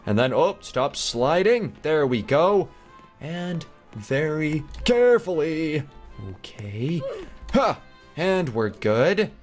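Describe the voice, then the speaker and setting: A young man giving excitable, chatty Let's Play commentary with frequent gasps and mock-posh asides. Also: fairly high pitch, takes it slowly. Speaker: gaming YouTuber. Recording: faint background music.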